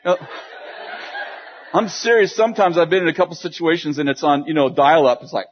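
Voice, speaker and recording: A man's voice: a little high, brisk, highs cut off, a little hiss or hum. A man preaching, telling a humorous, self-deprecating story with lots of restarts and quoted dialogue. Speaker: pastor. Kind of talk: sermon storytelling.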